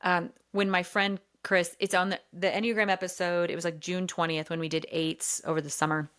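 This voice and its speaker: A woman hosts a casual podcast chat in a slightly low voice. She talks fast and eagerly, piling on words and repeating herself for emphasis. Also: clean tone. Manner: animated, talkative, says "y'all". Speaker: podcast host.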